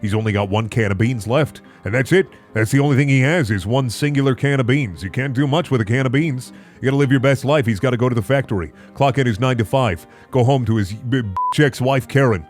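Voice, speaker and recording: A man's voice: medium pitch, fast talker. A man doing comedic reaction commentary, mock-outraged and stammering over repeated words. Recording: faint background music.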